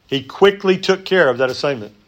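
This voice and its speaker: A man's voice: on the high side, expressive, brisk, lo-fi sound. Conversational man preaching a sermon. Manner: conversational, many fillers and restarts. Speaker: pastor.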